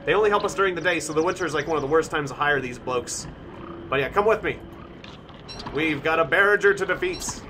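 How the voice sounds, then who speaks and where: A male streamer with a slightly high voice narrates his survival game as he plays it. He thinks out loud and bursts into shouts when things go wrong. A steady noise sits clearly behind his voice. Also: fairly quick. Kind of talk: live-stream gameplay commentary.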